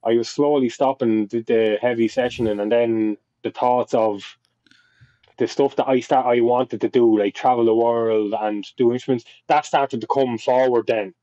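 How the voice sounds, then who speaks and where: A man's voice: medium pitch, fairly even intonation, moderate pace, warm tone, no echo, highs cut off. A young Irish man telling a long personal story in a casual, rambling way, with lots of swearing and restarts. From Ireland. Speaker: podcast guest.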